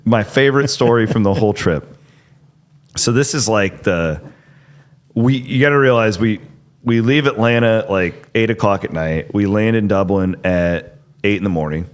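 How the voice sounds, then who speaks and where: A middle-aged man hosts a relaxed podcast conversation, his voice sitting on the low side. He tells long stories loosely, restarting sentences and padding them with fillers. His delivery stays casual and conversational throughout. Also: moderate pace. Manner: rambling, filler-heavy, self-interrupting. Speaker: podcast host. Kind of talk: casual chat and storytelling.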